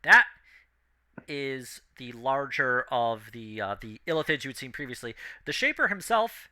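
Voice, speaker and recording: A man running a tabletop game, steadily describing scenes with the odd "um" along the way. His voice is very bright and crisp, and it cuts clean through the narration. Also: medium pitch, expressive, unhurried. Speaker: game master.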